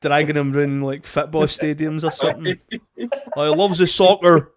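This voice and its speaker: A Scottish man co-hosting a casual podcast chat, joking and quick to laugh between remarks. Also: a little high, slight background noise. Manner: jokey, bursts into laughter, quick asides. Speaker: podcast co-host.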